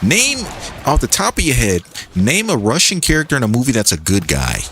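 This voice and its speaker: A man's voice: medium pitch, brisk, a little hiss or hum. A young man chatting casually and joking with his chat while he plays a game on a stream. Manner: animated, joking, reads and answers chat. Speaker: gaming streamer.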